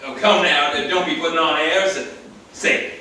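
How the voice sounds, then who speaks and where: An actor with a rural American Yankee accent playing a brash, shrewd, folksy American on a theater stage, talking in bold, teasing slang. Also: male voice, on the high side, steady tone, normal speed, bright, forceful tone. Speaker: actor in a play reading. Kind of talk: stage play reading. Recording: very echoey theater, distant mic, faint hiss.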